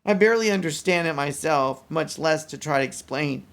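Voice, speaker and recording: A mentally exhausted man talking in a casual personal vlog, weary and rambling, with halting restarts. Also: on the high side, vocal fry, a bit bright. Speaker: vlogger.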